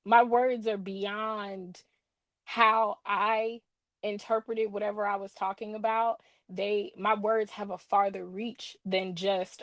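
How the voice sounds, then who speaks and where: A woman's voice: mid-range voice, slow pace, dry recording. A young woman who reviews books, chatting in an interview and telling stories with playful asides. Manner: animated storyteller with laughs and playful asides. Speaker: guest, book reviewer. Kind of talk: casual interview chat.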